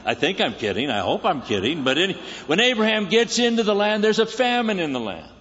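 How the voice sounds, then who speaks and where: A man preaches a sermon in a church sanctuary, his voice sitting high for a man. He keeps it conversational, teasing his listeners and asking them questions. The sound rings through a reverberant hall and comes across slightly muffled. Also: very animated, brisk, a bit bright. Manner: joking, conversational, quizzes the congregation. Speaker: guest preacher.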